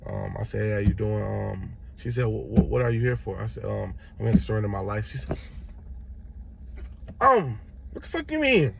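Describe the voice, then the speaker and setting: Gravelly-voiced young man telling a story. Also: fairly low pitch, fast, noisy background. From Chicago, Illinois. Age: young adult. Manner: animated retelling, acts out other voices. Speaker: vlogger. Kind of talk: casual storytelling to camera.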